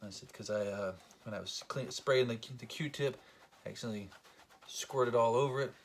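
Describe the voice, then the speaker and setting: This collector's belt-cleaning tutorial comes in a medium-pitched voice at normal speed, with a little hiss or hum in the recording. He jokes at his own expense and chats to the camera while working.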